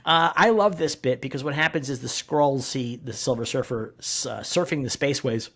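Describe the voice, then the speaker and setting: A podcast co-host chatting casually about comics, animated and often laughing as he retells panels. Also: mid-range voice, moderate pace.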